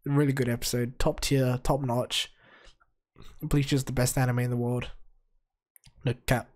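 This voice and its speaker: Excitable, profane man with a sick voice. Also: mid-range voice, a little slow. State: sick, hoarse. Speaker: anime reviewer. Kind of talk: casual solo review.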